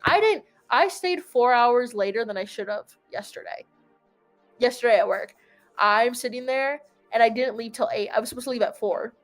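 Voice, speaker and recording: A woman's voice: on the high side, normal speed, soft background music. A young adult woman telling a long story in casual chat, rambling and peppered with "like". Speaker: host.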